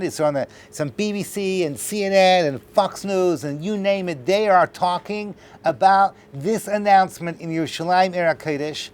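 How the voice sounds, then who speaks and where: A man giving a lively, joking class lecture to a live audience, talking straight to his listeners. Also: high voice.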